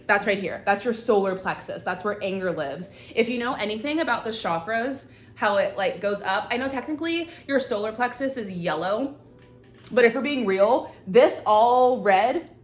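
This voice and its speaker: Woman, fairly high voice, casual advice vlog, frank and profane, indoor room. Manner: blunt and profane, frank girlfriend-to-girlfriend talk. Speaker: host. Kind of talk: casual advice chat to camera.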